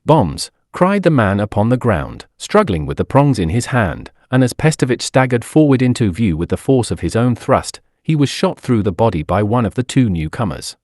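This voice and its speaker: Narrating an audiobook, a man gives an expressive, dramatic performance with big swings in pitch, moving at a moderate pace with few pauses. The close-miked, dry recording has no room sound or echo.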